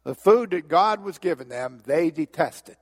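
Man, middle-aged, preacher, sermon, animated storytelling, slightly high voice, long hall reverb. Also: a little slow.

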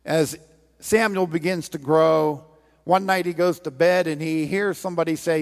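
A man's voice: a little high, steady tone, moderate pace. A man preaching a sermon in a church, earnest and pleading as he retells a scripture story and urges listeners to act. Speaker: pastor. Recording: long reverb of a large hall.

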